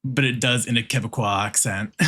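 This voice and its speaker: A man's voice: medium pitch, steady tone, normal speed, sharp tone, husky. Brief: man, art streamer, loose rambling chatter with fillers and little laughs, drawing while he talks. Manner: rambling, reacts to chat and background music.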